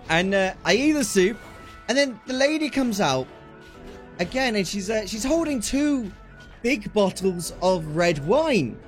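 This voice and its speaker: A young English man on a livestream, telling a story in an excitable way, swearing casually and acting out the quotes. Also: high voice, measured pace, soft background music. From England. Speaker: streamer.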